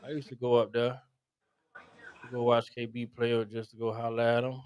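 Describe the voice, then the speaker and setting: A man's voice: mid-range voice, flat delivery, fairly quick, a little mellow. A man in casual, profane, joking chat about basketball. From South Florida. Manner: loose, profane, laughing banter. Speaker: co-host.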